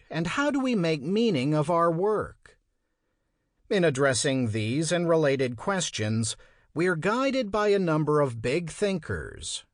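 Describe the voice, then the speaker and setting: A man's voice: a little high, no room sound, clean studio sound. Man narrating a nonfiction audiobook.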